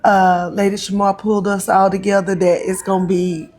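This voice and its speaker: A woman from North Carolina, a guest talking casually in an interview, with many ums and pauses. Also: medium pitch, flat delivery, a little mellow. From North Carolina, USA. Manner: chatty, frequent ums and pauses. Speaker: actress and comedian guest.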